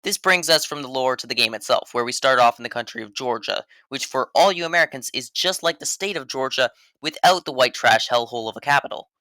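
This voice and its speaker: A man's voice: mid-range voice, brisk, few pauses, pushed and bright, no echo. A man narrating a scripted video game review voice-over in a sarcastic, mock-serious way.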